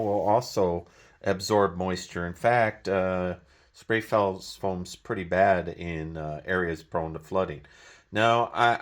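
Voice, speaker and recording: An older man rambling in a wry, self-mocking way with many fillers, filming a casual DIY vlog. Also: lowish voice. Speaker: DIY builder vlogger. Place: off-grid container build site.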